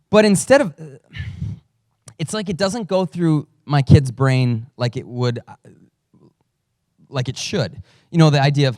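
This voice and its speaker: A man's voice: medium pitch, sing-song, normal speed, a little mellow, no echo, clean studio sound. A man who is a father, a pastor giving a conversational sermon with storytelling and self-deprecating humor. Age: adult father.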